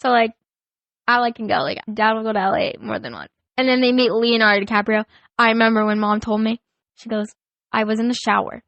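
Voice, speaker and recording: A young woman guesting on a family podcast, telling stories in an animated way and saying "like" a lot. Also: a little high, brisk, no room sound, lo-fi sound. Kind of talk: casual family chat.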